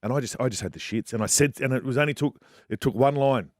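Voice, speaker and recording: A blunt, joking Australian man, once a rugby league player, talking on a radio sports panel. He tells stories in a frank, laid-back way. His voice sits at a middle pitch in a dry studio. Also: fast, dry recording. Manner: blunt, jokey storyteller.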